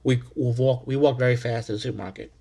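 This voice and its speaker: A man hosting a podcast, telling a story in a casual, animated way, heavy on slang and repeated phrases for emphasis. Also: medium pitch, quick pace, creaky, breathy edge. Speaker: podcast host.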